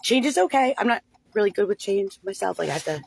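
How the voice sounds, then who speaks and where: A woman's voice: mid-range voice, expressive, quick pace, gravelly, slight background noise. A woman talking unscripted on a livestream, rambling and agitated, with frequent swearing. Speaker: livestream host.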